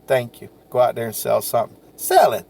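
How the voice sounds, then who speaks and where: A man's voice: mid-range voice, sing-song, a little fast, vocal fry, a little mellow, slight background noise. A salesman giving a folksy, repetitive, encouraging motivational talk to camera.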